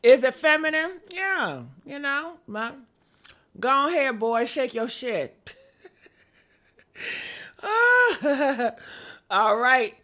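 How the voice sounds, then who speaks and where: Brief: woman reaction vlogger, slow delivery, bright tense tone, sarcastic, laughs a lot. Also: high-pitched, big pitch swings. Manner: sarcastic, mock-outraged, laughing often; repeats short exclamations. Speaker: commentary vlogger. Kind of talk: reaction commentary on viewer comments.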